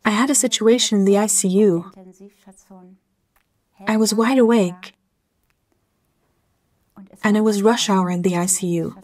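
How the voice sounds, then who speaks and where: Middle-aged woman from germany, interview guest, soft and slow, short heartfelt phrases. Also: mid-range voice. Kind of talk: calm reflective interview.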